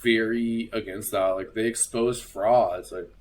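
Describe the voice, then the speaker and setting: A young man who is a digital artist, speaking as a guest on a casual podcast. He talks excitedly, swears, and fills his speech with like and you know. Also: on the low side, measured pace. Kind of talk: casual chat.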